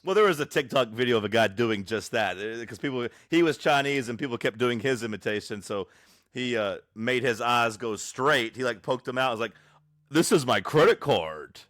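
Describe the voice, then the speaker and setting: A man co-hosting a podcast, who teases his co-host in a blunt, deadpan way. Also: medium pitch, a little fast, dry recording, clean studio sound. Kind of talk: casual chat.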